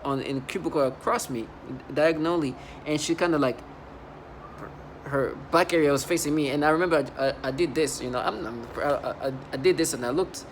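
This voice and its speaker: Accented man rambling emphatically, fairly high. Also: fairly quick, a little hiss or hum. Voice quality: speaks with an accent. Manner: emphatic, repetitive storytelling with many restarts. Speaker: vlogger describing his workplace experiences. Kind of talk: rambling personal monologue.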